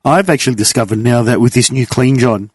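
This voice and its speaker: A man's voice: mid-range voice, brisk, husky, no room sound. A man on a podcast panel, teasing his friends with dry, wry remarks. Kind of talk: casual chat.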